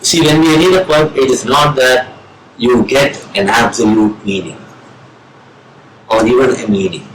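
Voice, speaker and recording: Slow, measured Indian English lecturer. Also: male voice, mid-range voice, a little hiss or hum. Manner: slow, measured, deliberate with pauses. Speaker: professor of English. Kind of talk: lecture on reading poetry. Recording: roomy with faint ambience.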